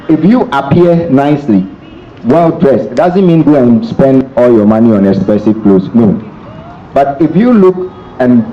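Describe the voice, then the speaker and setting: Man giving a motivational talk in a hall. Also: mid-range voice. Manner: emphatic, repeats key phrases, pauses with um. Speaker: special guest speaker. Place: seminar hall. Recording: dull echoey hall, faint noise.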